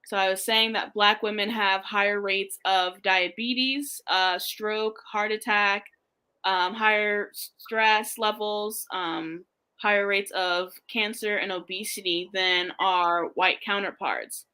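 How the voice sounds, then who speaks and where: A woman, a guest on a live interview, explaining earnestly and halting with many fillers. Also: mid-range voice, fairly even intonation, pushed and bright, clean tone, poor audio.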